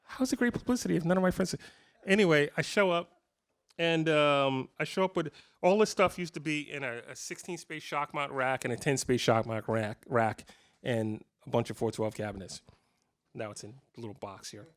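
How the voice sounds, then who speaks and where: A man's voice: mid-range voice, moderate pace, fairly bright tone. A man in his fifties telling rambling, self-deprecating stories at a guitar clinic, with many restarts. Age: 50s. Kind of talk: casual storytelling to a live audience. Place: guitar shop clinic room.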